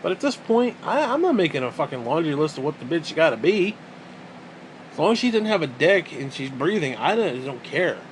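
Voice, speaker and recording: Male vlogger, profane exasperated rant, slightly high-pitched, light background hum. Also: sing-song, brisk. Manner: crude, profane, exasperated ranting. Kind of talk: casual rant to camera.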